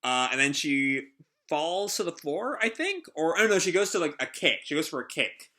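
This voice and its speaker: Bright, rambling male comic reader. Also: on the high side, very animated, moderate pace. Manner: rambling, lots of fillers. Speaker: comic reaction host. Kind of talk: live comic read-through commentary.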